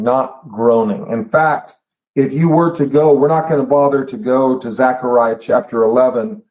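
A man preaching a sermon in a church, earnest and emphatic, repeating phrases and slowing down to stress key words. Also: mid-range voice. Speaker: pastor. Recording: slightly dull lo-fi sound.

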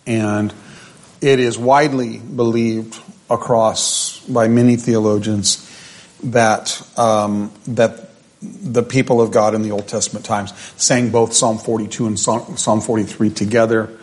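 A man leading a midweek Bible study, chatting with fillers and restarts, then reading scripture slowly and with deliberate emphasis. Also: fairly low pitch, flat delivery.

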